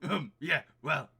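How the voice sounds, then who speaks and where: Man doing a goofy bumbling young guy, loud, rambling, bright tone. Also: mid-range voice, vocal fry, husky, heavily acted. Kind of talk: voicing game dialogue.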